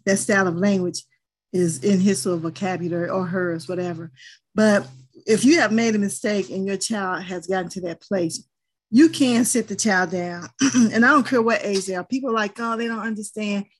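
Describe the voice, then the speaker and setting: An older woman, a grandmother with a mid-range, slightly breathy voice, joins a casual group discussion as a panelist. She speaks firmly and earnestly, sharing stories from home.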